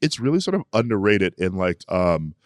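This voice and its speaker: A man's voice: deep voice, sing-song, normal speed, dry recording. A man co-hosting a casual pop culture podcast, playful and gossipy, often laughing. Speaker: podcast co-host.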